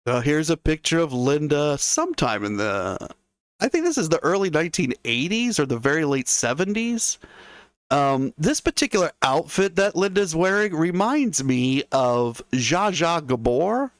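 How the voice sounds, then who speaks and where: A man with a fairly high, sing-song voice hosts a casual history livestream at normal speed with no room sound. He chats with his viewers and muses aloud in asides.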